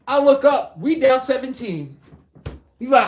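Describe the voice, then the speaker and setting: Animated, profane sports commentator. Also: high voice, a little slow. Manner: animated, profane, blunt trash talk; acts out quotes in mock voices.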